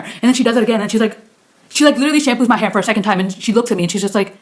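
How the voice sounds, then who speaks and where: A young woman rattling through a personal story at a breakneck pace. Her speech is loose and chatty, crammed with fillers and the occasional curse, with a voice of middle pitch. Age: young adult. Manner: rapid chatty storytelling full of fillers and swearing. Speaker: vlogger. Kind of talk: casual storytime vlog.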